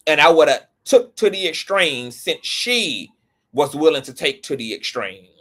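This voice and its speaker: A man's voice: fairly high pitch, very animated, unhurried, fairly bright tone. A man giving casual, opinionated celebrity gossip commentary, blunt and profane.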